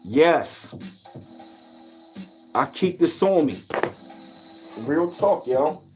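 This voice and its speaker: Animated, high-pitched boastful man. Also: drawn-out words, faint music behind. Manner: boastful, animated street talk with repeated slang. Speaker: vlogger. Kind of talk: casual vlog monologue.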